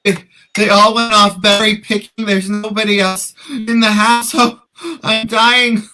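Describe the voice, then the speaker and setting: A man's voice: sits high, flat delivery, a little slow, sharp tone, heavily acted. A man voicing a frail old male servant who frets and wails in panic, in a stage play read over a video call. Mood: panicked. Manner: frantic wailing and gasping. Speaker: actor in a live online reading.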